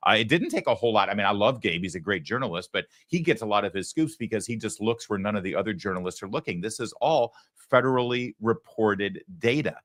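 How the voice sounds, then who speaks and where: A man's voice: fairly low pitch, animated, fast, hardly any pauses, fairly bright tone, dry recording. A man hosting a political talk show, talking with sarcastic, mocking asides from a studio. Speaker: host.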